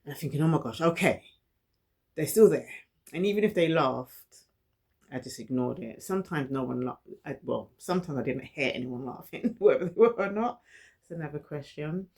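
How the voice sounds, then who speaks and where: A woman's voice: sits low, animated, fairly quick, a little mellow. A middle-aged woman, telling a personal story to camera, who stutters and repeats words and laughs between thoughts. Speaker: vlogger.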